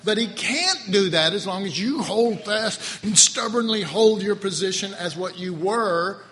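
A man's voice: sits high, lively intonation, a little slow, fairly bright tone. A man preaching a sermon, emphatic and repetitive, with laughing asides to his congregation. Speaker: pastor. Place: church sanctuary. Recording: long hall reverb, faint room noise.

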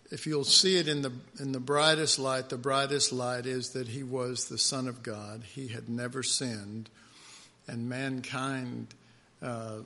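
A man preaching a conversational sermon, pausing often with fillers and restarts as he reads scripture aloud and stresses words. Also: mid-range voice, pushed and bright. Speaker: pastor.

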